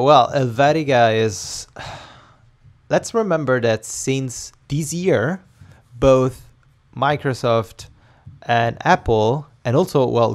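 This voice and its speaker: Gravelly Italian-accented man, opinionated. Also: medium pitch, darkish tone. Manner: opinionated, joking, laughs often. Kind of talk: casual chat about typography.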